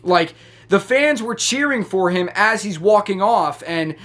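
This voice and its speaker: Brief: high-pitched male wrestling reviewer, excitable, rambling casual recap. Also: normal speed. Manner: excitable, rambling with many restarts.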